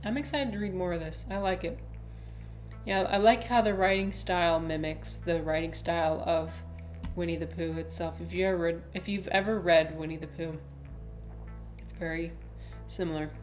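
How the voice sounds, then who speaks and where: A woman chats playfully on her live stream, her voice sitting a little low. She talks from a room at home with a roomy echo, and music plays clearly behind her. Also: steady tone, moderate pace. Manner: chatty and playful, cooing baby talk to her pet. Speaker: livestream host. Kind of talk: casual streaming chat and reading aloud. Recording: echoey room with music playing.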